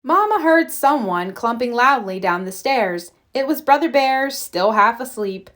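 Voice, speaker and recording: A woman narrating a children's storybook aloud in a gentle, expressive way. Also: on the high side, measured pace. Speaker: storybook reader.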